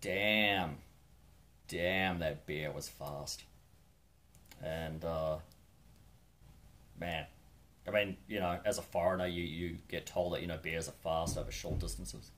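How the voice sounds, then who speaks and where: A man's voice: low-pitched, steady tone, unhurried, pauses often. A New Zealand man telling a laid-back, rambling, wry story from his long-distance hike. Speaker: hiker vlogger. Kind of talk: casual storytelling.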